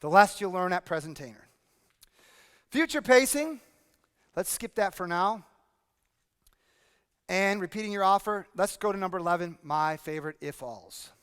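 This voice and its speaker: A man presenting a workshop to a live audience, energetic and drilling the room with repeated questions. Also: high-pitched, normal speed, long pauses, clean tone. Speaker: speaking coach presenting a workshop. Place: conference hall with audience. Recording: long hall reverb.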